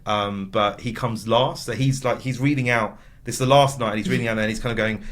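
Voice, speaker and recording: A man's voice: mid-range voice, fairly even intonation, fast talker, fairly bright tone. A man in casual podcast chat as a guest, telling stories in a rambling way full of fillers. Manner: rambling storyteller, many fillers.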